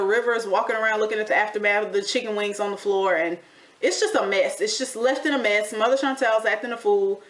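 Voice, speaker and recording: A woman giving a casual, sassy recap of a reality TV show, chatty and animated, with slang like honey and y'all. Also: medium pitch. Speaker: TV recap vlogger.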